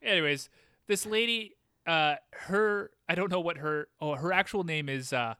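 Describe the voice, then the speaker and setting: Playful podcast co-host, man, bright crisp voice. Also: fairly high pitch, normal speed, no room sound, clean studio sound. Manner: joking, playful, acts out quotes. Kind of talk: casual chat recapping an episode.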